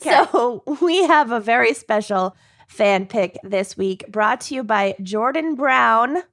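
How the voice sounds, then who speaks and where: Slow-talking giggly woman podcast host. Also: a little high, lively intonation, fairly bright tone. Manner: giggly, bubbly. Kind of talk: casual chat.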